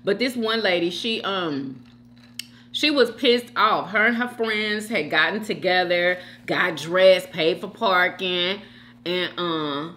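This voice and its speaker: A woman's voice: fairly low pitch, takes it slowly, pushed and bright. A middle-aged woman vlogger chatting casually while she eats, talking straight to her viewers and calling them y'all and girl. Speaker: mukbang vlogger. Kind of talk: casual gossip chat while eating.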